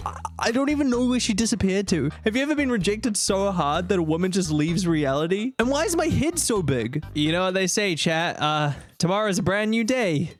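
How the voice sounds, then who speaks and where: A young man streaming a game, giving excitable, swearing play-by-play reactions. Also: high voice. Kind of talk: casual gaming commentary.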